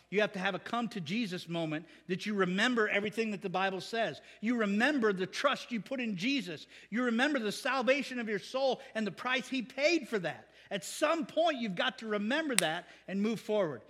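Male pastor, high voice, lively casual preaching, long hall reverb. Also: normal speed, breathy edge. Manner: animated, conversational, acts out quotes. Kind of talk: sermon.

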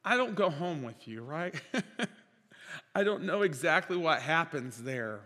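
A man preaching a sermon as pastor, impassioned, swinging between loud declarations and quiet storytelling. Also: on the high side, big pitch swings, slow pace. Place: church sanctuary. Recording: reverberant church hall.

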